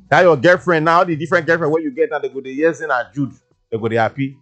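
A man's voice: medium pitch, lively intonation, fast, soft background music. A man with a Nigerian Pidgin English accent, hosting a casual radio show in a studio, chatty and playful, with many fillers. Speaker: radio DJ host. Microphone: studio mic.

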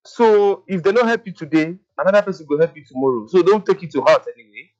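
A man's voice: high voice, lively intonation, fast, darkish tone. A man with a Nigerian Pidgin accent calling in to a radio show, earnest and giving advice. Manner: earnest, advice-giving, repeats "you understand". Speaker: caller. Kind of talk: call-in radio chat. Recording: muffled phone line.

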